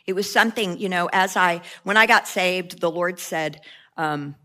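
A woman's voice: lowish voice, moderate pace, bright, forceful tone. A woman preaching a sermon with passion, mixing joking asides with fervent repeated cries.

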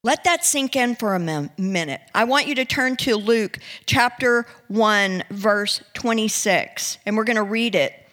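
A woman preaching a sermon, reading scripture slowly and talking with her listeners in a conversational way. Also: on the high side, fairly bright tone. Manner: conversational, addresses listeners directly; reads scripture slowly and deliberately.

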